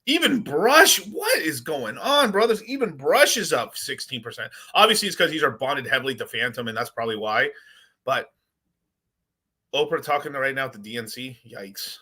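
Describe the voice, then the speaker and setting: Brief: bright-voiced male streamer, rambling and excitable, casual commentary. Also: medium pitch, a little fast, slightly rough. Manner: rambling, excitable, chats with viewers. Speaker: crypto livestream host.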